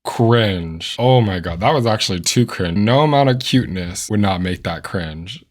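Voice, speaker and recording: A man hosting a comedic reaction video, talking in an animated, incredulous way and firing off rhetorical questions. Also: lowish voice, normal speed, hardly any pauses. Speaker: host reacting to dating app voice notes.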